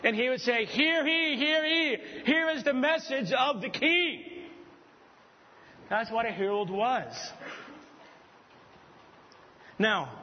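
A man's voice: high voice, breathy edge. A man preaching a sermon from a pulpit to students of preaching, with emphatic, repetitive, heralding phrasing. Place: church hall, at a pulpit. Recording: reverberant hall, dull lo-fi sound.

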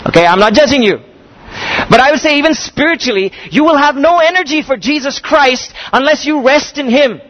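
High-pitched guy preaching, emphatic, drags out the big lines and asks the crowd stuff. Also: animated, a bit bright, poor audio. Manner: emphatic, slows down on key phrases; asks the congregation questions. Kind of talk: sermon.

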